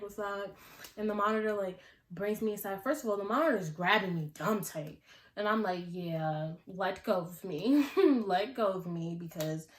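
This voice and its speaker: A young woman tells a story to her camera and acts out what everyone said back then. Her voice sits in a middle pitch for a woman. The room around her is echoey. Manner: animated storytelling, acting out her own past lines. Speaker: vlogger. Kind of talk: casual storytime vlog.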